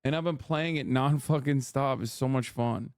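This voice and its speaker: A man's voice: mid-range voice, moderate pace, dry recording, clean studio sound. A male streamer reacting to a clip, mocking and heated, swearing often. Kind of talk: profane, sarcastic streamer commentary.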